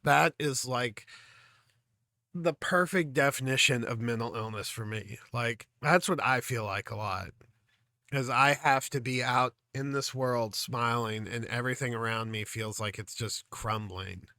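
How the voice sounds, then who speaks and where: A man hosting a music reaction video, talking in an earnest, halting, reflective way, full of fillers and clearly emotional. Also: mid-range voice, sharp tone, dry recording, studio quality. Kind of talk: casual reaction commentary.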